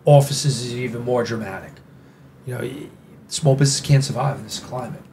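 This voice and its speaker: A man's voice: medium pitch, brisk, dark tone, a little hiss or hum. A man from New York City with a New York accent, a podcast guest talking in a rambling, emphatic way with many fillers. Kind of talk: casual interview conversation.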